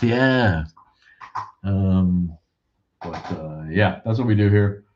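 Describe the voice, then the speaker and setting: A man hosts a loose live chat show with a low, deep voice. He jokes and swears freely, drifting into rambling asides. The sound is muffled and lo-fi. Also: dark tone. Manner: joking, profane, rambling asides. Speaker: show host. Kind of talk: casual livestream chat.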